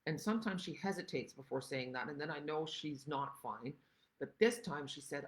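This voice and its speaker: An older woman demonstrating stamping crafts chats casually through a livestream tutorial, rambling and greeting viewers by name. Her low voice is expressive and moderately paced, and the recording is rough.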